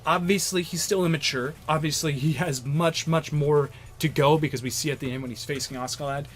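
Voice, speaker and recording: A man's voice: a little high, fairly even intonation, fairly quick. A young man giving casual, enthusiastic video commentary as an anime reviewer, rambling with many fillers and restarts.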